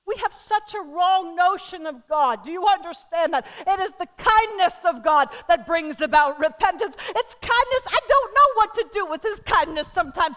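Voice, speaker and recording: A middle-aged woman preaching a sermon, swinging from loud calls to the crowd down to soft, hushed words. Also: extremely high pitch, normal speed, hardly any pauses. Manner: animated, shifting from loud calls to soft near-whispers.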